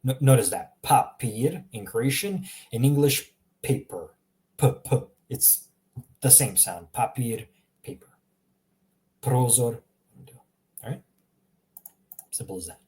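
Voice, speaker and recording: A man hosts a casual language lesson, walking through letters at an unhurried pace. His voice is mellow and low-key, and he chats with his viewers and laughs easily as he goes. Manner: relaxed, chatty, laughs often, reacts to viewer examples. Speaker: language teacher.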